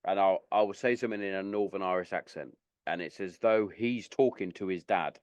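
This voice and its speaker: A low-voiced man, talking loosely and candidly on a podcast. He is a little tipsy and swears freely. The sound is dry and close. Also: brisk, a little mellow, dry recording, muffled recording. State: slightly tipsy. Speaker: podcast host. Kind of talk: casual podcast chat.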